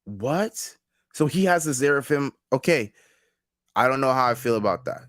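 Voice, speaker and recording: A man hosting a live manga reaction, casually thinking aloud, restarting his sentences and reading panels out loud. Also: medium pitch, lively intonation, normal speed, no echo, clean studio sound. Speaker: reaction video host.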